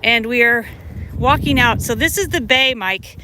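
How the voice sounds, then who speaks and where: Casting note: American woman, casual live-streamer, slightly high voice, winded, phone mic outdoors with clear ambient noise. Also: moderate pace. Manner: chatty, talks straight to viewers while walking. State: out of breath. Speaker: livestream vlogger. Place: outdoors on a tidal bay shore. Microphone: handheld phone.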